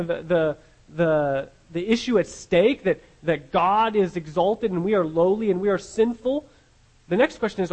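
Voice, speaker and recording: A man's voice: sits high, poor audio. A man preaching a sermon as pastor, earnest and often repeating words as he restarts his phrases.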